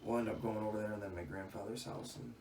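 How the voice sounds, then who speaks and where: A young man co-hosting a podcast, telling stories in a crude, laughing, animated way. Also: on the low side, quick pace, slight background noise. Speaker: podcast co-host. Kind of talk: casual chat, storytelling. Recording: echoey room, distant mic, faint music.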